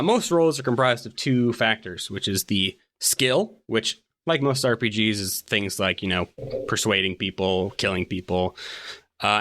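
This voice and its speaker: A man narrating and explaining rules as game master of a tabletop game, in a relaxed way with many fillers. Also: mid-range voice.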